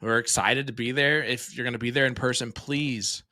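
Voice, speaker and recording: Bright-voiced excitable darts commentator man. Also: mid-range voice, normal speed, no echo, studio quality. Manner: excitable, chatty, lots of fillers. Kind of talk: casual live commentary. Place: small streaming room.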